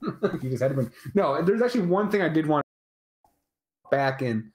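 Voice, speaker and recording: A man's voice: on the high side, sing-song. A man with a Wisconsin accent co-hosting a casual live chat show. He laughs often and keeps checking in with "right?". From Wisconsin, USA. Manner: chatty, laughs often, fills pauses with "um" and "right?". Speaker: co-host.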